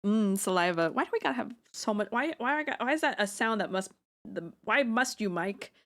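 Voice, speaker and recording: A woman's voice: medium pitch, lively intonation, a little fast, a bit bright. A woman streaming live from home on a close mic, chatting while she draws, rambling, joking at her own expense and swearing freely. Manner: rambling, self-deprecating, swears freely, jokey asides. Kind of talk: casual live-stream chat while drawing.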